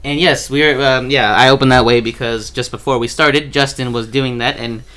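A man's voice: mid-range voice, steady tone, a little fast, sharp tone. A young man hosting a casual podcast chat, joking and laughing easily. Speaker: podcast host.

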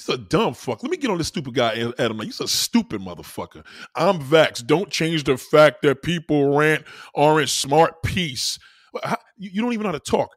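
A man streaming live, ranting loudly and insulting his chat with heavy profanity, repeating his questions and mocking commenters. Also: on the high side, dry recording, clean studio sound. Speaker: livestreamer reading chat comments. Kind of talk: angry profane live rant.

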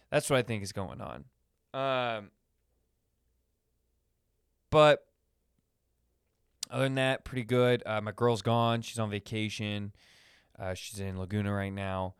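A man's voice: medium pitch, normal speed, smooth, no room sound, studio quality. A man hosting a casual solo podcast, rambling through anecdotes with lots of fillers. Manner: rambling, many fillers, acts out funny voices in anecdotes. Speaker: podcast host.

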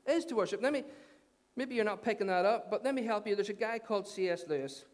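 A man's voice: high voice, fast. A man preaching a sermon as pastor, conversational, repeating phrases and asking the congregation questions. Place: church hall. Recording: long church hall reverb.

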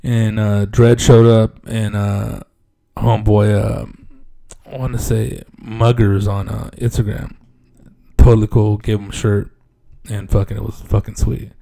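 A man spins a casual story in a gravelly voice with plenty of vocal fry. He talks loosely and swears freely. When he quotes other people, his voice jumps up and gets louder. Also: lowish voice, level tone, unhurried. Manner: laid-back and profane, peppered with "dude"; acts out other people's lines in raised voices.

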